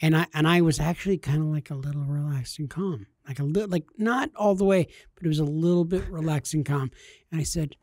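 Animated storytelling man, fairly high voice. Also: fast talker, no room sound, clean studio sound. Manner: animated, jumps to high shouty voices when quoting people. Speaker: podcast co-host. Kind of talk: casual comedic storytelling.

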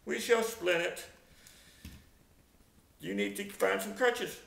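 A man's voice: high voice, slow pace, creaky, fairly bright tone, reverberant, heavily acted. A man voicing a blunt, matter-of-fact male hospital doctor in a retold story, speaking in curt, clipped lines.

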